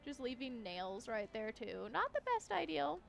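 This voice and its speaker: Chatty high-voiced woman streamer. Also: sing-song, a little slow, gravelly, a little hiss or hum. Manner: chatty, giggly, talks to her horse. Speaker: game streamer. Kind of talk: casual gameplay chat. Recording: faint game music behind.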